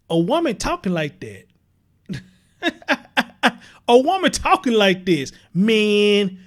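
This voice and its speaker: A man's voice: high-pitched, big pitch swings, slow, pauses often. A man hosting a casual livestream, chatting straight to his viewers and greeting them by name. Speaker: livestream host.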